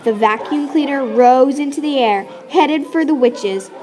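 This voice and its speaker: A woman reads a children's story aloud in an unhurried, fairly high voice. She narrates expressively, punching out playful sound effects along the way. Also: darkish tone, faint music behind, a faint crowd. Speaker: storybook reader.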